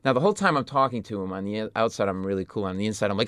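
A man from Rhode Island, a stand-up comedian telling lively anecdotes in an interview and jumping into loud voices of the people in them. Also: on the low side, racing, clean tone, no echo, studio quality. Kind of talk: animated storytelling in an interview.

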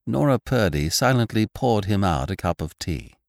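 A man narrating a classic short story in an expressive, theatrical manner. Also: fairly low pitch, moderate pace, vocal fry, no room sound, clean studio sound.

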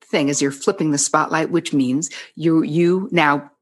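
Low husky woman, frank and blunt. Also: fairly even intonation, unhurried. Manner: frank, blunt, swears casually, restarts words. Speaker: psychotherapist guest. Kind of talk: casual podcast chat.

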